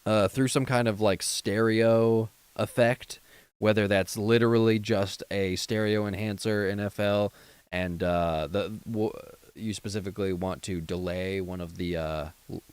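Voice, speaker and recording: A man's voice: on the low side, fairly even intonation, measured pace, clean tone, no echo. A man streaming late at night, tired and yawning, giving a viewer rambling, filler-heavy advice on mixing and flow. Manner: rambling, full of fillers and restarts, gives mixing tips. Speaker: streamer reviewing a viewer's song. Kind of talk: casual feedback chat on a livestream.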